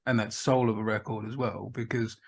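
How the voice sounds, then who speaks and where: A man's voice: on the low side, flat delivery, brisk, gravelly. Male podcast host, friendly, casual interviewer. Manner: friendly, chatty, says "mate".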